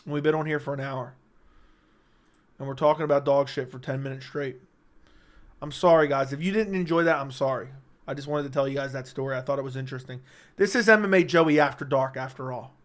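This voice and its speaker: A man's voice: mid-range voice, fairly quick. A young man hosting a late-night casual livestream, bantering with his chat in a brash, profane, joking way. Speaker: livestream host.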